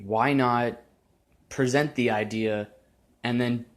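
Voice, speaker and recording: A man's voice: medium pitch, fairly even intonation, takes it slowly. A man vlogging an unscripted, sarcastic rant, full of exasperated repetition and challenges to his viewers. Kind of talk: unscripted ranting monologue.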